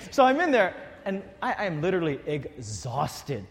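A man preaching a sermon to his congregation, shifting from quiet, earnest appeals to animated storytelling. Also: sits high, normal speed, hardly any pauses. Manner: animated storytelling with acted quotes. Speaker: pastor. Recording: long hall reverb.

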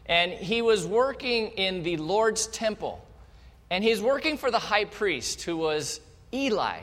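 Speaking straight to his congregation, a male pastor tells the story with animated energy at a measured pace. His voice is high-pitched, and a long hall reverb surrounds it.

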